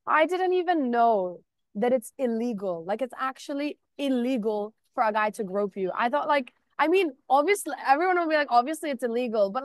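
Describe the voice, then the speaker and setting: Animated young woman telling stories. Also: fairly high pitch, dry recording. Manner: animated storytelling, acts out quotes, frequent "like". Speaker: artist guest. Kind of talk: casual podcast chat.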